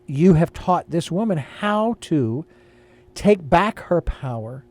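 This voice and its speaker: An older man hosting a casual spiritual talk, pausing and restarting as he searches for the right words. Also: on the high side, animated, darkish tone. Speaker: host.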